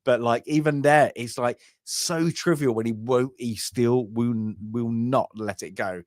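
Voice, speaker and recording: A man's voice: medium pitch, moderate pace, darkish tone, no room sound, clean studio sound. A man co-hosting a casual film review, rambling through the story with lots of restarts and fillers, acting out lines.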